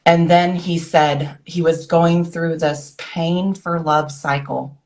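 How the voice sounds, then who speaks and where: A woman in her forties, appearing as a guest author, earnestly recounts her personal story in a rush of short phrases, acting out the words of people she remembers. Her voice is low-pitched and dark-ish, steady and slow.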